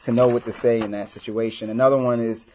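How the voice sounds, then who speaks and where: A man teaching a group in a relaxed, conversational way, with frequent fillers and quoted lines that he acts out. His voice sits at an ordinary middle pitch. The recording is dull and lo-fi, with a faint hiss underneath. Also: fast talker. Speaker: workshop leader. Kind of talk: casual teaching talk.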